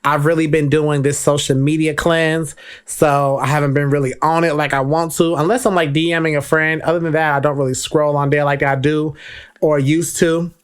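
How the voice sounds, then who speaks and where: A man's voice: on the high side, flat delivery, moderate pace, smooth. A young man talks straight to his listeners in a loose, casual solo podcast. He is chatty and playful, and he hypes himself up between the greetings. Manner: playful, chatty and self-hyping. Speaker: podcast host.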